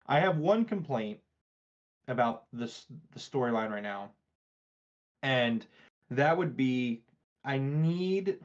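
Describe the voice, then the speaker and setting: A man co-hosting a podcast in casual chat, talking things through thoughtfully and analytically, with frequent fillers and restarts. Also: mid-range voice. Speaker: podcast co-host. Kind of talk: casual wrestling review chat. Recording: dull, lo-fi mic.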